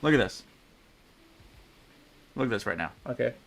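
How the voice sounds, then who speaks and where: Gravelly-voiced man chatting through a game stream. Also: mid-range voice, lively intonation, normal speed. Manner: rambling, chatty, self-mocking, often laughing. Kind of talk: casual live gameplay commentary. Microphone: desk mic with pop filter.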